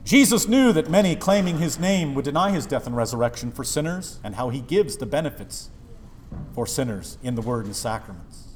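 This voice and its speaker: A man's voice: mid-range voice, animated, brisk, slight background noise. A man preaching an impassioned sermon as pastor, with sudden swells in volume.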